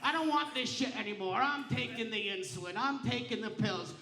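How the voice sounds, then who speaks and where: A man's voice: extremely high pitch, brisk, bright, forceful tone. A man doing a stand-up comedy set on a casino stage, telling stories in a brash, profane, punchy way. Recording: roomy casino showroom sound.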